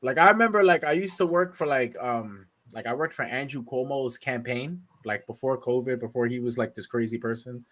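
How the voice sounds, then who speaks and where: A man's voice: mid-range voice, fairly quick, few pauses. A man telling funny stories in casual chat, laughing and acting out the people he quotes. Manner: animated, laughing, slips into quoted voices.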